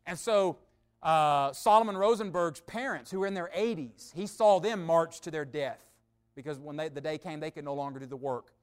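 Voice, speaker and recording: A male preacher delivering a sermon, telling a story with dramatic pauses and a voice that swells louder and drops quieter. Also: on the high side, clean tone.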